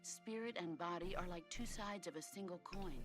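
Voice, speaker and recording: A woman playing a seasoned soldier and mentor in a video game cutscene, speaking in a calm, measured, lecturing way. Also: fairly low pitch, music in the background, lightly acted. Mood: calm, instructive. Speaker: game character.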